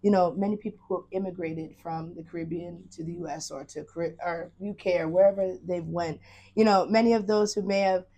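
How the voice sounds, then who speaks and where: A woman hosting an interview, asking eager questions with many restarts and quick affirmations. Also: fairly low pitch, steady tone, mellow, lo-fi sound. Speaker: host. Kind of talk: interview conversation.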